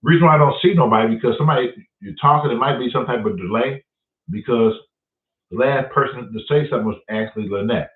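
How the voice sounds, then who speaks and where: A man's voice: mid-range voice, quick pace. A man hosting a casual live stream, telling stories with a lot of swearing and chatting to viewers by name. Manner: profane, storytelling, reads out chat names. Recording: roomy, distant, phone-like audio.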